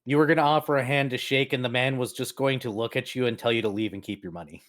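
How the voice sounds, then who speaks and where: A man narrating as game master of a tabletop game in a relaxed manner, laughing often. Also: medium pitch, fast.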